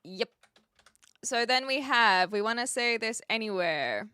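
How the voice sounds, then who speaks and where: A New Zealand woman streams from home in a relaxed, talkative way, working things out aloud as she goes. Her voice is fairly high and swings widely in pitch, and she takes her time. The close mic leaves the sound dry, with no room behind it. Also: measured pace, smooth, no echo. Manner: chatty, thinking aloud while setting up a chat bot. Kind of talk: casual live-stream chat. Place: home room with brick walls.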